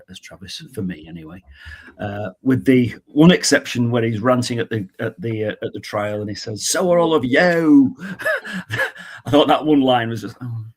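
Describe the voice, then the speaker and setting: A man on a podcast panel, chatting casually in a halting way with frequent laughs. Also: on the low side, husky. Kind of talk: casual chat.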